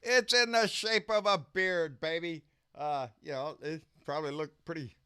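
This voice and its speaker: A man's voice: on the high side, moderate pace, pushed and bright, clean tone, no echo, studio quality. A man hosting a casual live stream, folksy and profane, calling everyone "baby" as he chats and rants.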